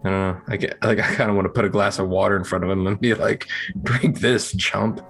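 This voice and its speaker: A man chatting as a player in a tabletop game, joking and laid-back. His voice sits fairly low, with faint music behind it. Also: fairly even intonation, very fast, fairly bright tone. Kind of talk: casual tabletop game chat.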